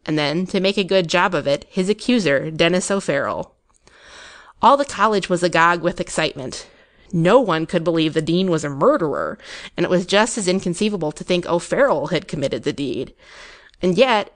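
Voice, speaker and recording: A woman giving a measured, expressive audiobook reading of an old ghost story. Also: fairly low pitch. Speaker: narrator.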